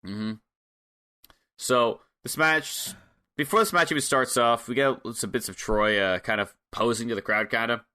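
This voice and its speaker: A man's voice: mid-range voice, normal speed, sharp tone, clean tone. A man co-hosting a casual wrestling podcast chat, laid-back and dryly humorous as he recaps matches. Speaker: podcast co-host.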